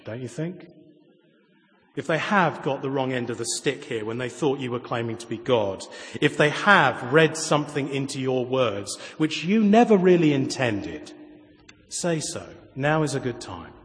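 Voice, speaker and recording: A man preaching a sermon, moving from raised, emphatic lines to quiet, intimate asides and pointed rhetorical questions. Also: medium pitch. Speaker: pastor. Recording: long reverb of a large hall.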